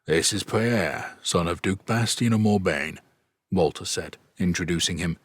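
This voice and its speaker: A man voicing an older duke, warm and wry with mock seriousness. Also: low voice, moderate pace, husky, no echo, studio quality.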